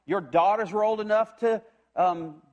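A man preaching a sermon, retelling a scripture story in an animated way and acting out the voices of its characters. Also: sits high, normal speed, highs cut off. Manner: animated storytelling, acts out voices, frequent restarts. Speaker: pastor.

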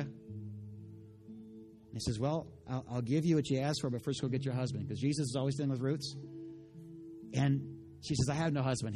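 Animated preaching man, faint music behind. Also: mid-range voice. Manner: storytelling with acted voices, building to loud passionate preaching. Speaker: pastor. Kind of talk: sermon.

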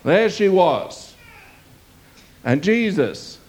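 In a high-pitched voice and at a very slow pace, a preacher reads a scripture passage aloud during his sermon. He's animated, asking his listeners rhetorical questions.

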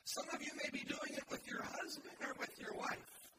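A man preaching a sermon to a congregation in a church, leading call-and-response and building to shouted emphasis. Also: normal speed. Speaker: pastor. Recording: echoey, distant and noisy room recording.

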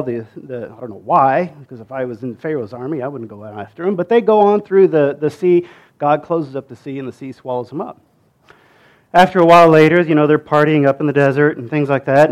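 A man retelling a Bible story in a casual, conversational way, with many fillers, restarts and asides to the listener. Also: a little high.

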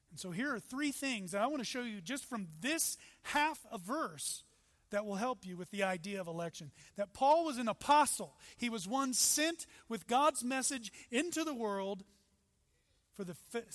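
A man preaching a sermon as pastor, with emphatic rises and sudden soft drops. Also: high voice. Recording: long hall reverb.

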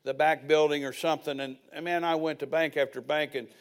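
A man's voice: fairly high pitch, steady tone, a little fast. An older man preaching a sermon as pastor, telling personal stories with folksy asides.

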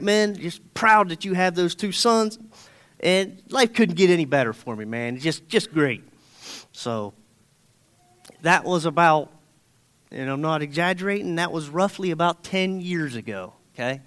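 A man's voice: sits high, lively intonation, measured pace, a bit bright, smooth. A man in his thirties preaching a sermon, folksy and conversational, often checking in with the congregation. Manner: folksy, storytelling, often asks okay?.

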